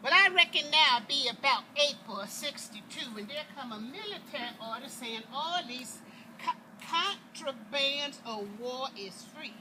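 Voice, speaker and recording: A woman putting on an eager young enslaved boy who recalls the war with quick, excited dialect. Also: high-pitched. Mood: storytelling. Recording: noisy outdoor recording with passing traffic.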